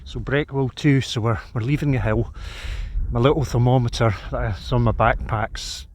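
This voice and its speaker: A man's voice: medium pitch, moderate pace, slight background noise. A Scottish man chatting casually to camera as an outdoor vlogger, savoring a brew outdoors on a cold, windswept hilltop. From Scotland. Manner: relaxed, chatty, savoring each moment. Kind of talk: casual outdoor vlog narration.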